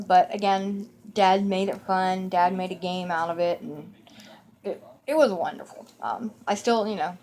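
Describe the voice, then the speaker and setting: A woman's voice: mid-range voice, a little mellow. A middle-aged woman telling a childhood story in a meandering, conversational way, full of asides and fillers. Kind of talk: personal storytelling.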